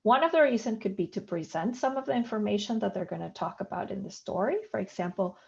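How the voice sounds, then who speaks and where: A woman's voice: medium pitch, fast, vocal fry, darkish tone, lo-fi sound, slight background noise. A woman giving an online workshop lecture over a video call. She explains step by step and often poses rhetorical questions. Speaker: workshop presenter.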